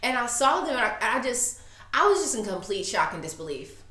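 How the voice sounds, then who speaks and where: A woman in her thirties telling a story in casual chat, animated and acting out the voices she quotes. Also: a little high, brisk. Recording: echoey room.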